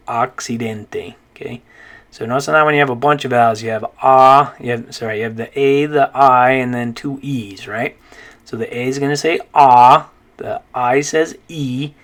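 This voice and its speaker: Man, language teacher, patient, slow repeated words, frequent okay check-ins, mid-pitched. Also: fairly bright tone. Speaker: Spanish teacher. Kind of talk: recorded pronunciation lesson.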